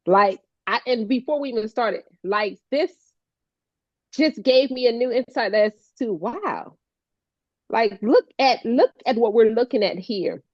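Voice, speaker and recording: A woman co-hosting a heartfelt casual chat, animated and playful, laughing often. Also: fairly high pitch, a little slow, dry recording, muffled recording. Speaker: co-host, stroke survivor advocate.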